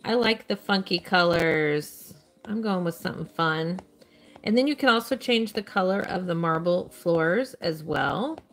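Her voice is on the low side, a little slow and somewhat bright. She's a live-stream host playing a mobile game, cheerfully making casual conversation and responding to viewer questions.

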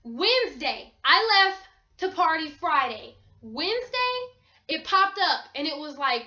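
High, bright young woman vlogger. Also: sing-song, unhurried. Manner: emphatic, swears freely. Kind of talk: story-time vlog. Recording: roomy, dull lo-fi sound.

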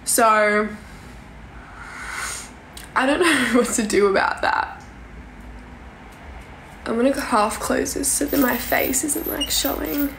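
A woman's voice: high voice, slow pace, creaky, pauses often. Frightened young woman in an echoey room. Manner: breathless and jittery, dropping to whispers, swearing often. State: frightened, on the verge of tears. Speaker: livestreamer. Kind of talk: casual livestream chat. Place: her home at night. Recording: echoey room with noticeable background noise.

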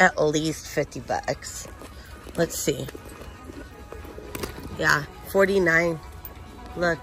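A woman's voice: sits low, drawn-out words, long pauses, a bit bright, soft background music. A woman narrating a casual shopping walkthrough, chatting as she reads out prices and product labels. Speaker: shopping vlogger. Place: inside a large retail store.

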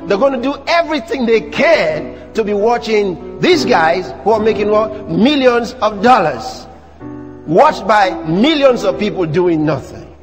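Nigerian pastor preaching, lively and teasing the crowd, highish voice, music playing under him. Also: male voice, measured pace, long reverb tail. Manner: animated preaching, mocking asides to the congregation. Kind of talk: sermon. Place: church. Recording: music playing behind the sermon.

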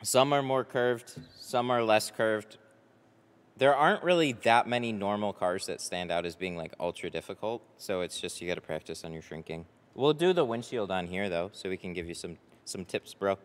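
A man with a fairly low voice talks loosely to his livestream viewers, rambling and full of fillers. His voice trails off into long reverb, the way it does in a tint workshop. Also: normal speed. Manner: chatty, rambling, frequent fillers. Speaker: window tint installer streaming live. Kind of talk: casual livestream chat. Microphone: headset.

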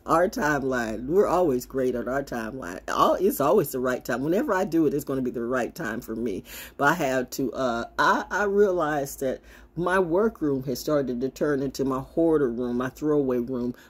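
A woman's voice: very deep voice, breathy edge. A woman holding a casual, brash, sassy monologue to camera as a self-styled spiritual oracle, swinging from mocking asides to blunt remarks.

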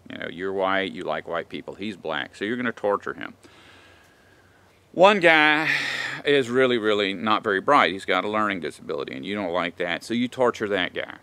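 A man rants in a vlog monologue, rambling and indignant, often filling gaps with "you know." His voice is bright and edgy, and the recording is dry and close. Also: low-pitched, lively intonation, normal speed, clean tone, no echo. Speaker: vlogger. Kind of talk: opinionated monologue.

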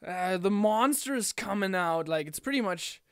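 A young man ranting casually about a wrestling event in a home vlog, animated and chatty, often slipping into impressions of the people he talks about. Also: sits high, moderate pace, clear, resonant tone, no echo, clean studio sound. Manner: animated, mimics wrestlers in quotes. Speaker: wrestling fan vlogger.

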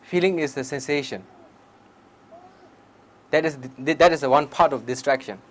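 High-pitched male meditation teacher, plain broken English, short repeated lines, questions the room. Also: moderate pace, rough recording. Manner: questions the listeners directly. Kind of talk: public talk on meditation.

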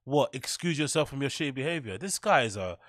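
A man's voice: mid-range voice, expressive, quick pace, fairly bright tone, no echo, studio quality. A man reacting to a clip, bluntly mocking what he hears and swearing often. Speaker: reaction streamer. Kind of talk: reacting to a clip, casual commentary.

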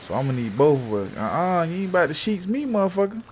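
A man's voice: a little high, big pitch swings, fast, a little hiss or hum. A man giving casual gameplay commentary, full of profane, slangy trash talk aimed at the game. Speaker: gamer. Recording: game sounds loud behind the voice.

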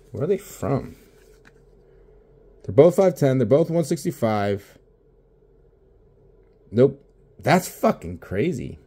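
With a warm, fairly low voice, a young card-opening vlogger talks casually through baseball packs in his home office. Lacking sleep, he mumbles and swears constantly.

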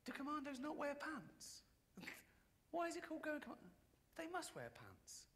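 A man's voice: extremely high pitch, wildly swooping pitch, moderate pace, a bit bright. A man doing stand-up comedy, self-mocking and chuckling through his lines. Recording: stand-up set played in a game with noise.

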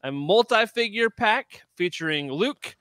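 A man co-hosting a podcast in casual chat, relaxed, laughing often and trailing off mid-sentence. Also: high-pitched, measured pace, no echo, studio quality. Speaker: podcast co-host.

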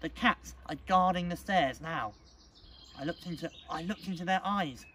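A man's voice: fairly high pitch, moderate pace, bright, forceful tone, far from the mic, slight background noise, pitched above the performer's own voice. Man voicing a frantic young tomcat. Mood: pleading. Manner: urgent, pleading. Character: young male cat, anxious and insistent.

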